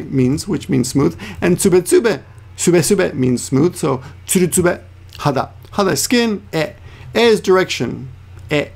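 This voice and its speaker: A man's voice: on the high side, gravelly, darkish tone. A man teaching a casual Japanese lesson, explaining word by word, repeating terms and correcting himself as he goes. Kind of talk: casual screen-share lesson.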